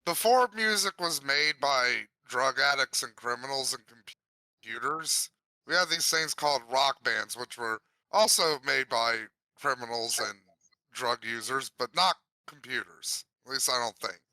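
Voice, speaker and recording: A man co-hosting a podcast, dropping absurd deadpan jokes. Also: mid-range voice, measured pace, dry recording, rough recording. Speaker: podcast co-host. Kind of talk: casual comedic chat.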